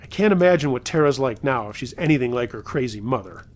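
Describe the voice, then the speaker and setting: A man narrates submitted true scary stories at a mid-range pitch. His reading is conversational rather than theatrical, and he drops in wry asides between the events. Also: animated, fast.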